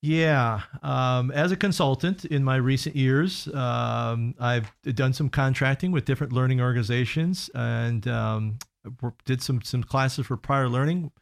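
A middle-aged man speaks as a guest on a radio talk show. His pitch sits in a mid range for a man. He tells stories earnestly, stumbling and restarting often. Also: vocal fry. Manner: earnest, halting with frequent restarts and fillers. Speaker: guest consultant. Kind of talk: casual radio storytelling.

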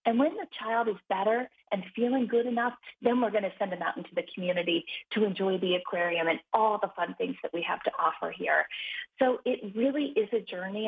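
A woman who founded a children's charity, a guest telling stories in an earnest, upbeat way. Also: medium pitch. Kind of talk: interview conversation. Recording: phone-line audio.

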